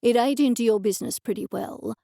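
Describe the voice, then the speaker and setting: A woman voicing a calm, professional male accountant who speaks in a measured way. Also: a little high, vocal fry, no room sound, studio quality. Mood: level. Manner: measured and matter-of-fact.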